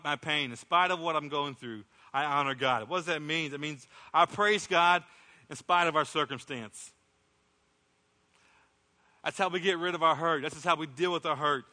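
Impassioned pastor preaching in a reverberant hall. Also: male voice, on the high side, pushed and bright. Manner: impassioned, acts out prayers in a raised voice. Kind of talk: sermon.

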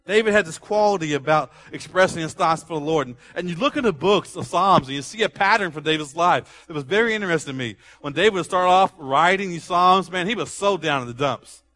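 A man's voice: a little high, fairly quick, few pauses, bright, forceful tone. A man preaching a sermon in a conversational, emphatic way. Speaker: pastor.

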